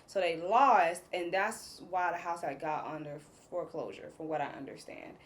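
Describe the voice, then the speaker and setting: A woman's voice: on the low side, moderate pace, slight background noise. A woman hosting a casual recap of a reality show, retelling scenes in a chatty, gossipy way with plenty of fillers. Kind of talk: casual episode recap commentary.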